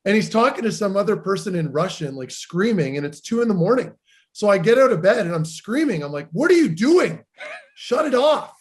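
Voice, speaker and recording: A man with a voice pitched a little above most, co-hosting a casual podcast. He spins loose, animated stories studded with filler words, talking like he's among old teammates. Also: a little fast. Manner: animated, rambling anecdotes with many "like"s. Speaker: podcast co-host, former pro hockey player. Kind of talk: casual chat, storytelling.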